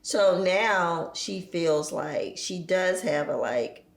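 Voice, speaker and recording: A woman in her forties, a podcast guest, telling animated stories about her children and laughing often. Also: lowish voice, slow pace, gravelly, reverberant. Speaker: podcast guest, entrepreneur and single mother. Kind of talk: casual chat.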